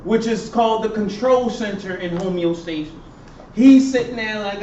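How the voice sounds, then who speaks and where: High-voiced man lecturing a class. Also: moderate pace, warm tone, a little hiss or hum. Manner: quizzing students with fill-in questions. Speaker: professor. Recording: roomy, distant, dull classroom recording.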